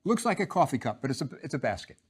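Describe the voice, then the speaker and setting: A man's voice: medium pitch, sing-song, rapid-fire, breathy edge. A man teaching a drawing lesson, patient and step by step, repeating each instruction.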